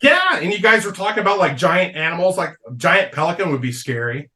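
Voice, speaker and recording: A man with a fairly high voice tells a wild story on a casual comedy podcast. He is loose and profane and laughs through his own tale. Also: a little fast. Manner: animated storyteller, swears a lot, laughs mid-story. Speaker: podcast guest.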